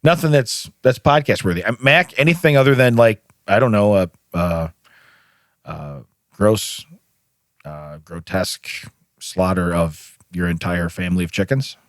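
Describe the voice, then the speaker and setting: A man's voice: deep voice, measured pace, no echo, studio quality. A middle-aged man hosting a podcast, telling anecdotes in casual chat and acting out the quotes. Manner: easygoing storyteller, acts out quotes. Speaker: podcast host.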